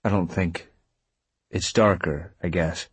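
A man voicing a kind young man who talks plainly and gently, a little awkward. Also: low-pitched, steady tone, slow, slightly rough, no echo, exaggerated voice. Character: steady, kind young man talking to a ghost.

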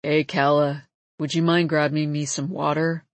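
Woman doing a croaky frail old dad, weary and gentle, lowered voice, dry close sound. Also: flat delivery, moderate pace, no echo. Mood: tired. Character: frail dying older father, tired, gentle. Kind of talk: audiobook character voice.

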